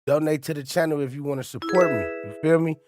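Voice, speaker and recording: A man's voice: on the high side, fairly even intonation, fast talker, music in the background. A man hosting a live reaction stream, chatting with viewers in a casual way and talking straight to the chat. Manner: conversational, addresses chat directly. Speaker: livestream reaction host.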